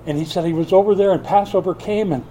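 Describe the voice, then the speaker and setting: An older man preaching a sermon in a church, swinging from loud bursts to hushed asides. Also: high-pitched, fast, a little hiss or hum. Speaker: pastor.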